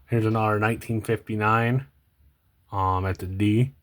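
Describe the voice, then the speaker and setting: A very deep-voiced young man talks through what he is sorting in an easygoing, unscripted way. He hesitates, restarts his sentences and fills pauses with ums. His phrases often sink to a low mumble at the end. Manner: rambling, hesitant, many ums and self-corrections; low-key, trails off quietly at phrase ends. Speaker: coin collecting vlogger. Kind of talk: casual unscripted commentary while sorting coins.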